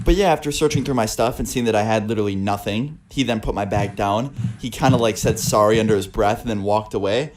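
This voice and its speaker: A man's voice: mid-range voice, a little mellow. A young man telling personal stories to his viewers in a casual, profane way, with a lot of filler words. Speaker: storytelling vlogger. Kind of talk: casual storytelling monologue.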